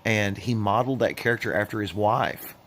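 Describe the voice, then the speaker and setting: A man's voice: steady tone, a little fast, a bit bright. A middle-aged man hosting a casual chat, jokey and teasing. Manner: jokey, teasing, playfully deep put-on voice. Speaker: host.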